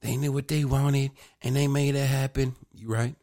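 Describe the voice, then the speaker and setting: A man co-hosting a podcast in casual, profane chat, speaking with a slight lisp. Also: mid-range voice. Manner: profane, animated, quick to joke. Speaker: podcast co-host.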